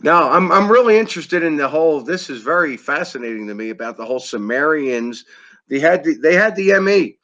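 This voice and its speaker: A man's voice: a little high, animated, brisk, fairly bright tone. A man with an American East Coast accent hosting a casual interview, talking emphatically and repeating himself. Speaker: host. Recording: lo-fi muffled audio.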